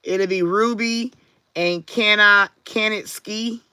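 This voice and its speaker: A woman's voice: medium pitch, fairly even intonation, slow pace, bright, forceful tone, clean tone, no echo. A woman hosting a live tarot reading stream, chatting casually and answering viewers by name. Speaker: tarot reader and livestream host. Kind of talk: casual livestream chat.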